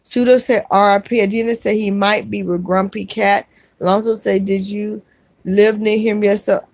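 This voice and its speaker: A woman hosting a casual livestream reads viewer comments aloud and answers them gently, calling people sweetheart. Her speech halts and restarts now and then. The sound is close and dry, with no room echo. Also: medium pitch, fairly even intonation. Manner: halting, with fillers and restarts.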